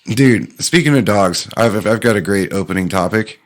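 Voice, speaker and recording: A man with a very deep voice co-hosts a casual drinking show. He tells rambling stories in easygoing banter. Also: animated, normal speed. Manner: rambling anecdotes, laughs often. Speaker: podcast co-host.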